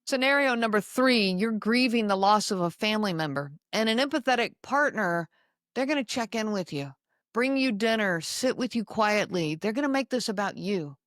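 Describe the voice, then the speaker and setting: A woman hosting a podcast, speaking slowly and emphatically to her listeners and repeating key lines. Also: medium pitch, expressive, a bit bright, dry recording, clean studio sound. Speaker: podcast host. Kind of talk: solo talk to listeners.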